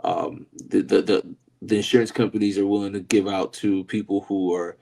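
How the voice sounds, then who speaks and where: A man's voice: lowish voice, little pitch movement, normal speed, gravelly, a little mellow. A man co-hosting a casual podcast chat, laid-back and rambling, always tossing in "you know what I mean" and laughing often. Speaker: podcast co-host.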